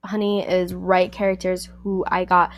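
A woman's voice: lowish voice, moderate pace, no room sound. Sassy woman reviewing a book. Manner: sassy, animated, talks back to the characters. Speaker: book review podcast host. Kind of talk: casual spoken book review.

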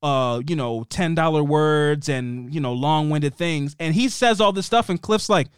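A man's voice: fairly high pitch, measured pace, clear, resonant tone, no room sound, clean studio sound. A man co-hosting a podcast, chatting casually about a TV show and acting out the characters' lines. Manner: animated, acts out characters' lines. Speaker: podcast co-host. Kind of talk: casual chat recapping a TV show.

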